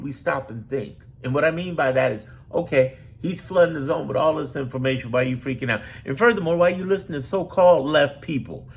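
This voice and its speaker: Political commentator, male, slightly high voice with gravel, preachy and profane delivery. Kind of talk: direct-to-camera political talk.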